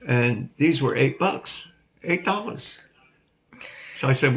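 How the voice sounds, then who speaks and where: A man's voice: mid-range voice, lively intonation, slow pace, pauses often. An older man hosting his own vlog, telling a rambling, jokey story to his viewers and laughing at himself. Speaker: vlog host.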